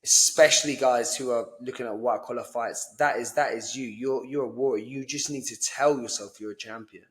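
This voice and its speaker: A young man talks boxing mindset in a loose, blunt way and swears now and then. His voice sits at an ordinary middle pitch for a man. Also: normal speed, hardly any pauses, a bit bright. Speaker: boxing coach and podcast host. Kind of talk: casual motivational chat.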